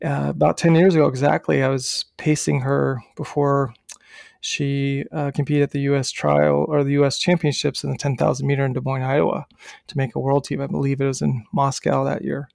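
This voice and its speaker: A man co-hosting a podcast who tells a story in an animated, casual way, swearing and dropping punchy filler words. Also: mid-range voice, a little fast, gravelly, no room sound. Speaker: podcast co-host and running coach.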